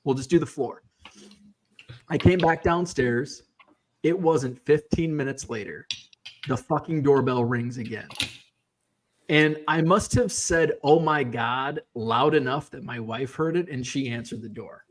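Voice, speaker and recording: A man telling a story casually, acting out the quoted lines with lively shifts in his voice. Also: medium pitch, a little slow, a little hiss or hum. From Midwestern US. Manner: animated, acts out quoted voices. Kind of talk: casual storytelling on a live stream.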